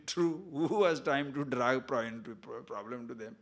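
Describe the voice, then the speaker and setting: A man's voice: medium pitch, normal speed. A man giving a discourse on scripture as a spiritual teacher, emphatic and full of rhetorical questions, sometimes chanting verses in Sanskrit.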